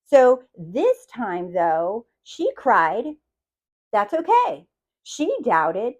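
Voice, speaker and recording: A manifestation coach gives her viewers a motivational talk, her voice swinging hugely in pitch as she draws out her words. She keeps checking in with "do you see?" and acts out the stories she tells, quoting with big swings in pitch and loudness.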